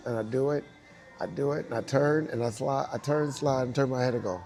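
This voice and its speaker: A male dancer telling an animated, laughing anecdote, acting out the people he quotes. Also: mid-range voice, brisk, faint music behind. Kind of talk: animated storytelling.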